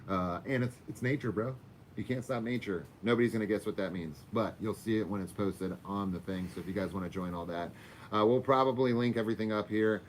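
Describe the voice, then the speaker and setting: A man's voice: on the low side, fairly quick, slight background noise. A man hosting a casual livestream, chatting loosely with viewers and his dog and swearing now and then. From Florida. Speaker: livestream host. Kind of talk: casual livestream sign-off chat.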